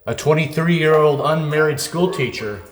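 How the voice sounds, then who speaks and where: Calm man calling out in echoey halls. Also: on the high side. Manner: calm, questioning, talks slowly to the unseen. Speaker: paranormal investigator host. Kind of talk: calling out to spirits during a ghost hunt. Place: large abandoned hospital, indoors. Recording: echoey empty building, faint noise.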